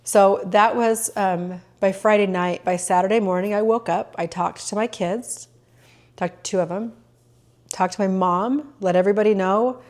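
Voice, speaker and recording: A woman's voice: medium pitch, steady tone, moderate pace, a little mellow. A middle-aged woman hosting a personal podcast, talking earnestly and openly emotional about her own life, with plenty of fillers and restarts. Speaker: podcast host. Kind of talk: personal reflective podcast monologue.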